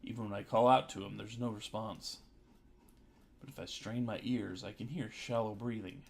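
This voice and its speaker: A man's voice: on the low side, moderate pace, gravelly. A man streaming, reading a visual novel aloud with dry joking asides, with music behind.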